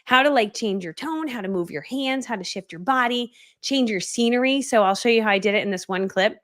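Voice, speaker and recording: A woman's voice: a little high, brisk, fairly bright tone. A woman hosting a live video, teaching marketing in a chatty, laughing way and acting out quotes. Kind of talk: casual live-stream teaching.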